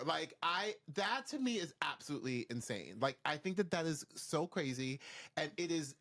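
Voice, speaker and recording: A man's voice: a little high, fairly bright tone. A man co-hosting a casual podcast, ranting in a chatty, playfully exasperated way. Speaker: podcast co-host.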